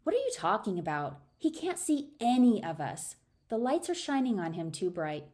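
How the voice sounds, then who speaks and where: A woman's voice: medium pitch, big pitch swings, moderate pace, darkish tone, voice pushed up, lightly acted. A woman voicing a practical young woman who gets flustered and exasperated.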